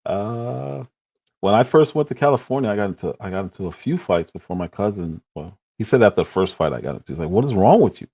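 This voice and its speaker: A man from Chicago hosts a livestream and tells a story from his own past. His voice sits low but swings widely in pitch. He laughs often and acts out the lines he quotes. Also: lively intonation, quick pace, creaky, a little mellow. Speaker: livestream host.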